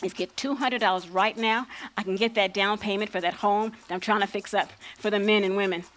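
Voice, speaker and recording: A woman acting out a proud old freedom fighter in a stage play. She spins folksy tales with a sly, playful edge and doesn't back down an inch. Her pitch sits mid-range for a woman. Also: steady tone, fairly quick, a bit bright, natural voice. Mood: earnest. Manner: folksy vernacular storytelling, playful and defiant. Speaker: lead actor.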